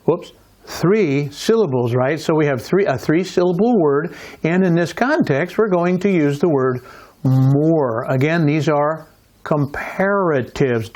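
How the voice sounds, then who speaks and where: A man's voice: a little high, a little mellow. A man with an American accent teaching an English grammar lesson, explaining step by step and often checking in with "right?". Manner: slow, deliberate explaining with frequent "right?" checks.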